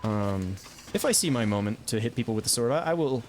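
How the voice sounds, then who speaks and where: A man streaming a video game, chatting casually about his plays with self-amused asides and quick reactions. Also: mid-range voice, animated, faint music behind. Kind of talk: casual gameplay commentary.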